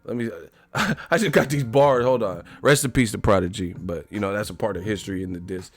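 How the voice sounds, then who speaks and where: A man hosting a casual live stream, loud and profane, laughing and joking with his viewers. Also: fairly low pitch, a little fast, breathy edge, faint music behind.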